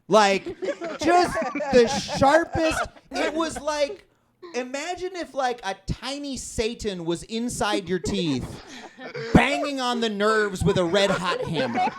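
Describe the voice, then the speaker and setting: A stand-up comedian with a high voice performs an animated set on a comedy club stage. His storytelling breaks into shouted outbursts, and a live audience can be heard in the club.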